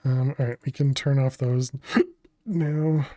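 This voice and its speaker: Slow, easygoing male game streamer. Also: medium pitch, dry recording, clean studio sound. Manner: chatty, thinks aloud and answers chat messages; laughs often, relaxed and unhurried. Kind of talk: casual gaming livestream commentary.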